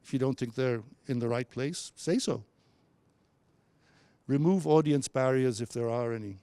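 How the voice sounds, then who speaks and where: A man leads a university workshop, coaching listeners on how to present. His voice is mellow and relaxed, the sound dry and close. He often stumbles and restarts his sentences. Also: mid-range voice, moderate pace, clean tone, no room sound. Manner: coaching, with frequent restarts and stammers. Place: lecture room at a university.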